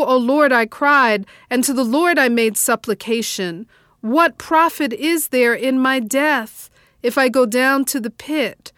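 A woman reading scripture aloud in a slow, measured liturgical style. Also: fairly high pitch, no echo, studio quality. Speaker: scripture reader.

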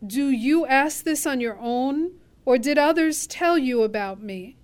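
A woman giving voice to a calm accused man on trial, answering in a measured, solemn way. Her high voice moves slowly through each phrase. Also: smooth.

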